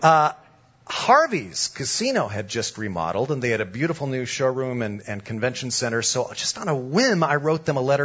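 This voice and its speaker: A male pastor telling a lively, comic story during a sermon. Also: mid-range voice, a little fast, slightly rough, dull audio.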